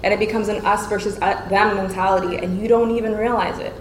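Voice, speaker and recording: A woman giving an earnest, measured talk to an audience as a panel speaker. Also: medium pitch, fairly even intonation. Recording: echoey room with faint noise.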